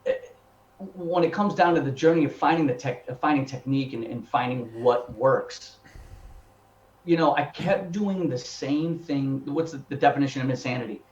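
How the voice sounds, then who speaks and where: A man in his fifties, a professional singer and voice teacher, telling his story in an animated, chatty way and repeating words as he thinks. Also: mid-range voice, normal speed. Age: 50s. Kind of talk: casual interview storytelling. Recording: echoey room, dull lo-fi sound.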